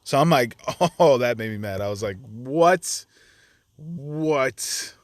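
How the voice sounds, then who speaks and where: A chatty man talks through his card game match in a relaxed, conversational way. His voice sits at an ordinary middle pitch. The sound is dry and close to the mic. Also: slow, dry recording. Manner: chatty, acts out his own reactions to the opponent. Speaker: gaming channel host. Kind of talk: casual gameplay commentary.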